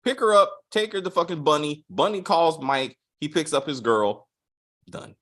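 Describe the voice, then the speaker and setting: This TV show reviewer is a man with a fairly high voice who talks at a moderate pace. He's animated and profane, mocking the series' plot through retellings full of acted quotes.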